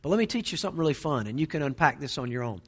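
A man's voice: a little high, big pitch swings, racing, husky. A middle-aged man preaching a sermon, conversational, with storytelling asides. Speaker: pastor.

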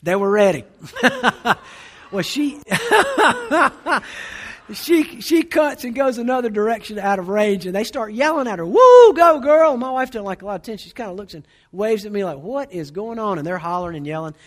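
A man in his forties, a pastor preaching a sermon, telling a humorous story in an animated way. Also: sits high, moderate pace. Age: 40s.

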